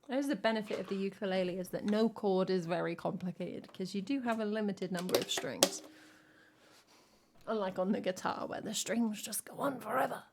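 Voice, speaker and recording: A singer-songwriter from England chats casually with her live stream audience, dry and self-mocking, as a ukulele plays behind her. She has an English accent and a medium-pitched voice at normal speed.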